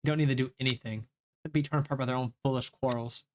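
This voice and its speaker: A man voicing a cold, aloof young woman who talks in a flat, detached way. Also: mid-range voice, quick pace, slight background noise, close to an everyday voice.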